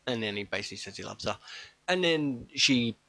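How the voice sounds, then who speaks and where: Bloke chatting about a movie, lots of questions, dead dry sound. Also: male voice, mid-range voice, lively intonation, a little fast, pushed and bright, no echo. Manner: chatty, asks questions, jokes. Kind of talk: casual film recap chat.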